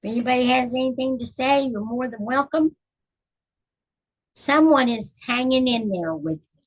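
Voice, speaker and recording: A woman's voice: high voice, normal speed, husky, poor audio. A middle-aged woman from Texas hosting a casual live stream, chatting with viewers and counting stitches aloud as she crochets. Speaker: channel host reading books.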